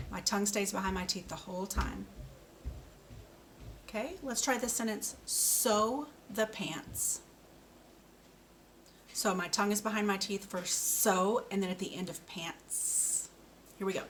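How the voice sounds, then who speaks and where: A woman teaching a speech lesson for children, modelling each word slowly and clearly with patient coaching. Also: mid-range voice, fairly bright tone, a little hiss or hum. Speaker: speech therapist.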